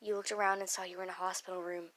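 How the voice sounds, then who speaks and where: A woman's voice: lowish voice, level tone, rapid-fire, fairly bright tone, poor audio. A woman reading a fanfic aloud, stumbling over words and dropping offhand side comments.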